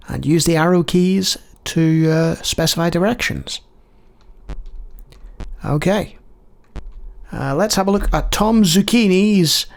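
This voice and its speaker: A man's voice: high-pitched, gravelly. A man playing an old computer game, reading its text aloud and adding dry, wry asides in casual commentary. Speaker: game show host.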